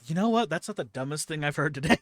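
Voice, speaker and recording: A man running a tabletop game as game master, narrating with frequent laughter and quick asides. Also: a little high, lively intonation, dry recording.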